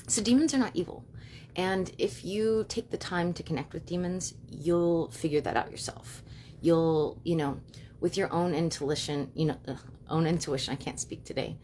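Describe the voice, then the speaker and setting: A young woman hosting a live stream from home, talking quickly and casually with lots of "you know" and "like". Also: sits low, a little mellow, slight background noise. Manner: fast, chatty, many fillers like "you know" and "like". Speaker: livestream host and witch.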